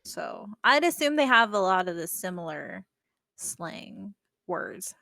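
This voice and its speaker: American woman co-host, mid-pitched, close dry mic, chatty and quick to rant. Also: big pitch swings, creaky, bright, forceful tone, no room sound. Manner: laughing, opinionated, ranting asides. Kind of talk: casual streamed chat.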